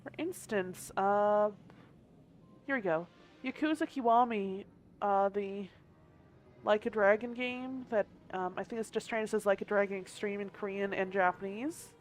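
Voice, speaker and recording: A woman's voice: mid-range voice, unhurried, soft background music. A woman game streamer chatting casually, thinking aloud and hedging as she goes, with the odd hiccup. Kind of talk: casual live-stream chat.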